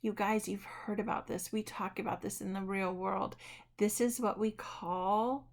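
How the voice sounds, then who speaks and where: Woman, college instructor, recorded lecture, chatty, self-correcting, slight vocal fry. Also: mid-range voice, fairly even intonation, moderate pace. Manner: conversational, self-correcting, says "right?" often.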